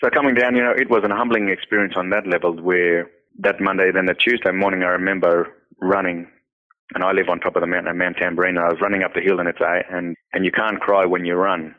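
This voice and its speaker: A man's voice: low-pitched, level tone, quick pace. A man, founder of a nonprofit, earnestly telling a personal story in an interview, often repeating himself and saying "you know". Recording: tinny phone-line audio.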